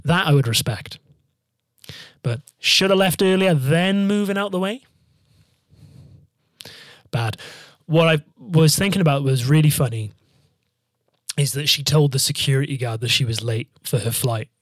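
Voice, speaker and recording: A man's voice: medium pitch, measured pace, long pauses, dry recording, clean studio sound. A man telling long, jokey travel stories in casual chat, swearing freely and rambling.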